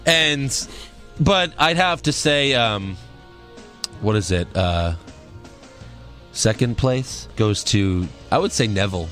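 A man's voice: lowish voice, animated, slow, pauses often, fairly bright tone, soft background music. A man co-hosting a casual wrestling chat, rambling and laughing often. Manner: rambling, laughs often, drops into silly voices. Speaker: podcast co-host.

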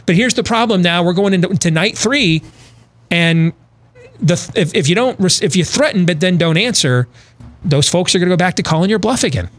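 Male talk host, middle-aged, blunt and emphatic, slightly high voice. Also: expressive, a little fast. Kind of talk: casual political talk radio banter.

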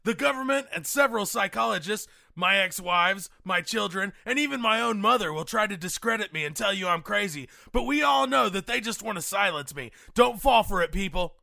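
A man's voice: sits high, animated, a little fast, few pauses, dry recording, heavily acted. A man playing a paranoid middle-aged conspiracy radio host in a comedy parody, ranting and hectoring his listeners. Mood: frantic ranting. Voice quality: gravelly, bellowing. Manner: frantic hectoring rant, keeps yelling "folks" and "wake up".

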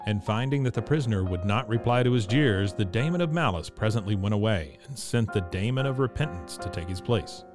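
A man narrating a classic storybook in a steady, measured reading. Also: fairly low pitch, over music. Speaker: audiobook narrator.

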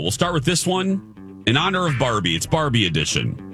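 A man's voice: mid-range voice, wildly swooping pitch, moderate pace, bright, forceful tone, soft background music. A man co-hosting a radio show, bantering playfully and stumbling over his words.

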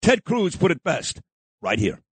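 Talk radio host, male, husky, animated delivery, combative and insulting. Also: fairly high pitch, unhurried, no echo. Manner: combative, insulting, repeats himself, shouts down opponents. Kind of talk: opinionated talk radio monologue.

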